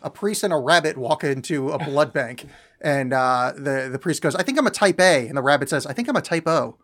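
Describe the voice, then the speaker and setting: Man, higher voice, podcast co-host, dry teasing delivery. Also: expressive, brisk, fairly bright tone. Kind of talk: casual chat.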